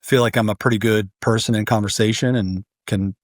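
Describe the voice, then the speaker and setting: Relaxed man in his forties rambling. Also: on the low side, a little fast, no room sound, clean studio sound. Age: 40s. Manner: relaxed, rambling, many ums. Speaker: guest, artist and podcast host. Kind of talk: casual conversation.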